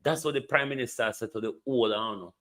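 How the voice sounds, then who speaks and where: A man's voice: medium pitch, fast, fairly bright tone. A man with a Jamaican accent giving indignant, mocking political commentary, repeating phrases for emphasis.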